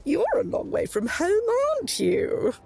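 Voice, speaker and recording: A woman's voice: extremely high pitch, huge pitch swings, measured pace, vocal fry, mellow, full character voice. An actress playing a patronizing aristocratic lady in a video game, sweetly correcting someone and calling them darling. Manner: sugary, patronizing, calls others darling. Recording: game audio with music behind.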